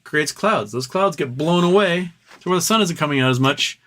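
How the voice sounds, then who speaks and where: A man's voice: on the high side, lively intonation, normal speed, fairly bright tone. A man hosting a late-night livestream, chatting casually in a rambling, profane way and chuckling at his own jokes. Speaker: livestream host.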